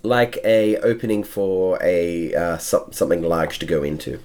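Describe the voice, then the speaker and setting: A man running a tabletop game as game master, talking with frequent ums and pauses. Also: sits low, darkish tone. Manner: hesitant, many fillers.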